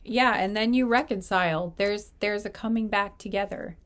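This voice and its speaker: Woman tarot reader, casual and rambling, leans on fillers, mid-pitched voice. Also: moderate pace. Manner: rambling, filler-heavy talk full of "like" and "you know". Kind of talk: casual pick-a-card tarot reading.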